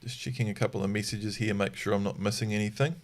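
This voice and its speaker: A man's voice: on the low side, fairly even intonation, quick pace. Man hosting a dog-training Q&A. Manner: demonstrates sharp corrective commands. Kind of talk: live Q&A podcast.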